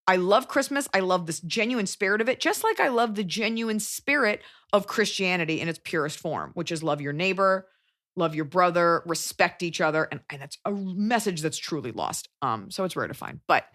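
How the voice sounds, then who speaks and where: A woman's voice: mid-range voice, fairly bright tone. A young adult woman hosting a podcast, giving blunt, profane advice in a casual chat and jumping into quoted voices. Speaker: podcast host.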